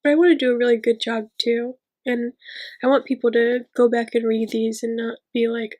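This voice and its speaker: A woman hosting her own channel, speaking a tearful, rambling, heartfelt outro in a soft and encouraging way. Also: on the high side, flat delivery, moderate pace. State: tearful, weepy. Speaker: channel host reading a book aloud. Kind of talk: casual heartfelt vlog outro.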